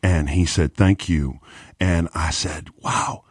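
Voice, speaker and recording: Man, pastor, deep low voice, earnest storytelling, dry close sound. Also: fairly even intonation, slow pace, breathy edge, no room sound. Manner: earnest retelling with quoted dialogue. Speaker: pastor and conference speaker. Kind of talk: storytelling on a podcast.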